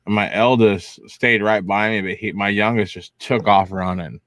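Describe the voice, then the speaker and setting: Animated, casual-talking father. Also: lowish voice, normal speed, dry recording, clean studio sound. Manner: animated storyteller, casual slang. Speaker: co-host of a missing persons show. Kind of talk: casual live-stream talk.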